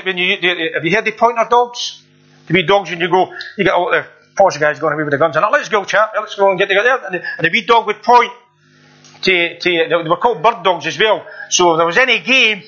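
High-voiced earnest male preacher. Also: sharp tone. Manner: earnest, repetitive, conversational preaching with rhetorical questions. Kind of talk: sermon. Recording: dull lo-fi recording.

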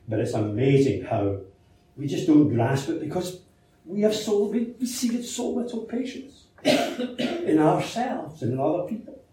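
A man's voice: a little high, expressive, measured pace, warm tone, a little hiss or hum. A man preaching a sermon in a conversational way, asking rhetorical questions and telling anecdotes, heard in a church. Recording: very echoey church hall from a distance.

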